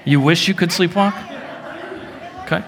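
A man in his thirties preaching a sermon in a church hall, telling stories with lively acted-out moments. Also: high-pitched, moderate pace, vocal fry, some chatter behind. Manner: animated storytelling, acts out shouted quotes. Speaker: pastor. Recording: long reverb of a large hall.

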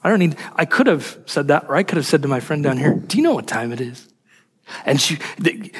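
A man preaching a sermon in an animated, emphatic way, asking rhetorical questions. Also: a little high, a little fast, breathy edge, in a large hall. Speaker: pastor.

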